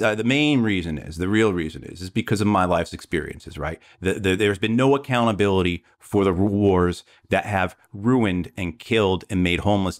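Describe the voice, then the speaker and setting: A man, a political candidate, talking earnestly in a podcast conversation and often repeating words as he builds his point. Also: on the low side. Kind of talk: conversational interview talk.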